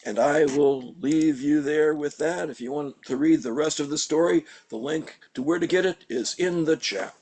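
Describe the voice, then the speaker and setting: A man reading his fiction aloud at a livestream reading, in even storyteller narration. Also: fairly high pitch, normal speed, hardly any pauses. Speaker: reader.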